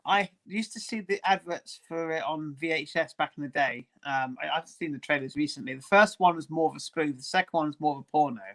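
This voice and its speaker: A man chatting as a guest on a live stream, friendly and quick to laugh. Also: a little high, fairly bright tone. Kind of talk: casual chat on a live stream.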